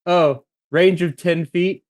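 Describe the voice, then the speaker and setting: A man's voice: sits high, steady tone, takes it slowly, a little mellow, no room sound. A man playing in a tabletop game, chatty and thinking aloud while he laughs often. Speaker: player.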